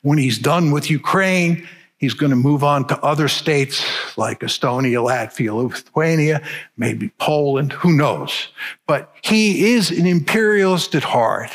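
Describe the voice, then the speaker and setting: An older man with a voice on the high side gives a public lecture, speaking a little slowly and expressively. He argues his case emphatically, stressing key words.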